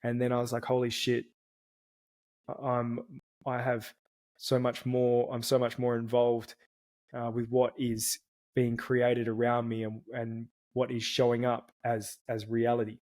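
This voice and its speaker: Earnest man with a flat, even voice. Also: mid-range voice, a little slow. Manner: earnest, restarts words often. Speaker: podcast guest. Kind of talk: casual reflective storytelling.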